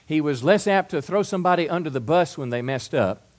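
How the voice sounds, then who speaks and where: A middle-aged man preaching a sermon, stumbling and repeating words, swinging from soft asides to loud build-ups. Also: a little high, lively intonation, brisk. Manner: repeats words and restarts, acts out quoted voices. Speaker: pastor.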